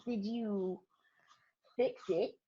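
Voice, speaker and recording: A woman's voice: mid-range voice, drawn-out words, muffled recording, a crowd in the background. A woman photographer chatting as a podcast guest, telling stories with lots of emphasis and frequent laughter. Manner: animated storyteller, laughs often, emphatic. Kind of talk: casual interview chat.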